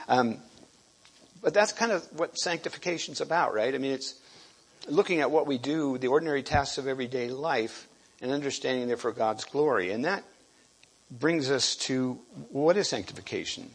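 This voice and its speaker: A man giving a sermon, halting and restarting often and clearing his throat. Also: medium pitch. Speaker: preacher.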